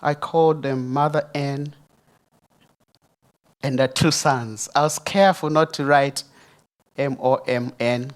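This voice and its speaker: A man giving an emotional church testimony, talking straight to the audience. He preaches emphatically, rising loud and high, then dropping soft and low. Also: steady tone, takes it slowly, long pauses. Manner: addresses the audience directly. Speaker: speaker sharing a testimony at a church service.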